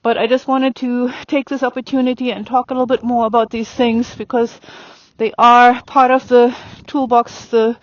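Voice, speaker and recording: A woman's voice: a little high, flat delivery, normal speed, hardly any pauses, dry recording, highs cut off. A woman riding instructor talking through a demonstration on horseback outdoors, chatty with lots of fillers, calling commands to her horse.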